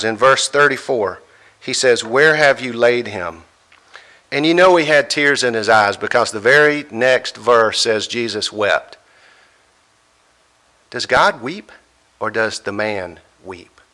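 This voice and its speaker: A male preacher delivers a sermon in a slow, deliberate rhythm. His voice is bright and forceful, and he leans on dramatic pauses as he quotes scripture. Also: mid-range voice.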